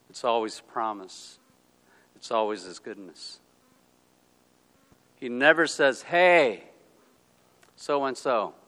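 A man preaching a sermon in a conversational way, often checking in with "okay?" and acting out the voices of people he quotes, swinging between quiet and loud. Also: medium pitch, poor audio. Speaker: pastor.

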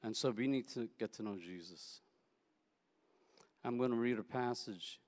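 A man preaching a sermon in a relaxed, conversational way, telling anecdotes and often repeating words as he goes. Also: medium pitch, normal speed. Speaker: pastor. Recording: echoey hall.

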